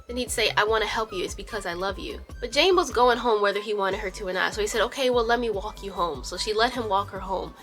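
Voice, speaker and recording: A woman's voice: mid-range voice, fast, few pauses, fairly bright tone. Youtuber lady narrating a storytime, sassy and blunt, swears a lot, faint music under her.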